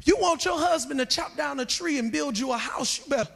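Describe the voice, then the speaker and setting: Male church elder, gravelly and bright, emphatic sermon delivery with humor, faint music underneath. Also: very high-pitched, fairly quick, big-room sound, slight background noise. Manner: emphatic, shouting preacher with joking asides. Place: church sanctuary.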